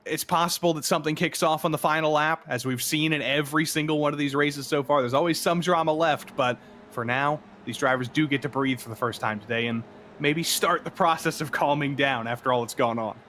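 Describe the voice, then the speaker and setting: A man with a slightly high voice adds easygoing color commentary to a sim race, explaining the racing and throwing in jokes. Faint background hiss runs under his voice. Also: a little fast. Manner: relaxed, chatty analysis with jokes.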